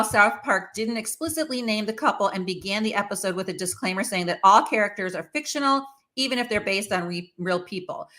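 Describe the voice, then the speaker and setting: A woman talks through the news in a casual, opinionated way, pausing on fillers as she goes. Her voice is bright and forward. It sits at an ordinary middle pitch for a woman. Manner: chatty and opinionated, with many fillers. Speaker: host. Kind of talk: casual commentary on celebrity news.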